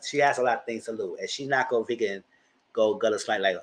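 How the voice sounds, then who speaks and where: A man's voice: fairly low pitch, quick pace, low-quality recording. Chatty man in his thirties. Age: 30s. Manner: chatty, slangy, expressive. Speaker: commentary channel host. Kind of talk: casual live commentary.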